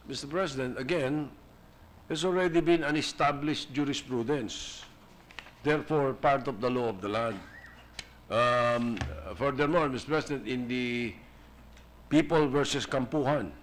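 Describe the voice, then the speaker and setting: A man's voice: mid-range voice, rough recording. A man with a Filipino accent, a senate majority leader, reading out legal text in a legislative chamber and slipping into Filipino phrases. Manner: formal, quotes text, slips into Filipino. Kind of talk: formal legislative debate.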